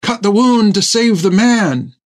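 A man's voice: high-pitched, lively intonation, a little slow, dry recording, clean studio sound, voice pushed up. A man voicing a desperate male ship's doctor who cries out as if pleading. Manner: crying out, pleading.

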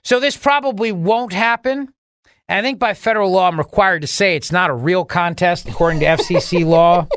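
A man's voice: sits high, moderate pace, a bit bright, a little hiss or hum. A male radio talk show host bantering sarcastically, rambling and laughing at his own jokes. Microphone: studio microphone.

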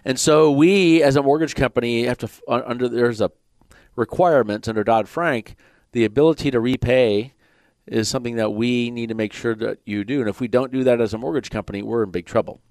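A man's voice: medium pitch, fairly quick, darkish tone, dry recording. A man with a Michigan accent hosting a radio mortgage show, explaining loans in a plainspoken way with jokes mixed in. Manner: plainspoken, joking between explanations. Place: radio studio.

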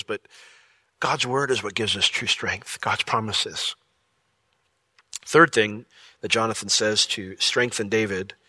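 A male pastor delivering a sermon in a very bright, ringing voice. The sound is dry and close, with no room around it. He gets animated, jumping into high comic voices to act out little scenes. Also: no echo. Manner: animated, jokey impressions with big pitch jumps.

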